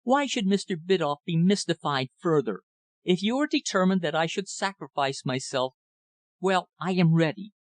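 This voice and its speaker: A man voicing a pale, trembling young woman who speaks in a low, pained voice. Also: animated, moderate pace, no echo.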